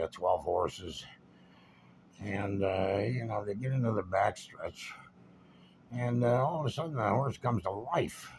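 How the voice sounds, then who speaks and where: Gravelly low-voiced man telling a yarn. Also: slight background noise. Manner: wry, meandering, conversational. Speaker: storyteller. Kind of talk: casual spoken anecdote.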